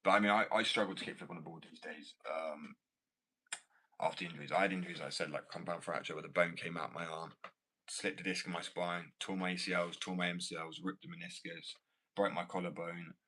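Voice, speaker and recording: A man's voice: low-pitched, steady tone, brisk, bright, forceful tone. A man with an English accent chatting casually to viewers, blunt and rambling as he answers their comments about skating and his business. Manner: blunt, rambling, self-assured. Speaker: skater and small business owner.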